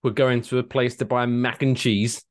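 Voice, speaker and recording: A man from England co-hosting a comedy podcast, telling stories in a lively, jokey way and slipping into silly voices. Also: medium pitch, normal speed. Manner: animated, slips into silly put-on voices. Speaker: podcast co-host. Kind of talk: comedic storytelling chat.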